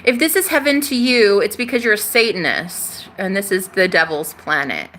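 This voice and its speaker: A young woman hosts a spiritual livestream, chatting casually, reading viewer comments with sass, swearing freely and laughing often. Her mid-range voice is bright and forceful with lively intonation at a moderate pace, against slight background noise.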